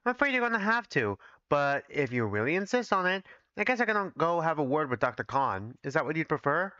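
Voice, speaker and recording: Bossy hospital doctor, voiced by a man, brisk and pushy. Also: a little high, very animated, bright, forceful tone, smooth, dry recording, highs cut off.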